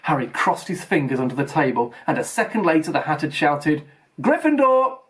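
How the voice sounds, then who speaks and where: A man reading a novel aloud as an expressive storyteller. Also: a little high, fairly quick. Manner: expressive storytelling, voices for characters. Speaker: audiobook reader.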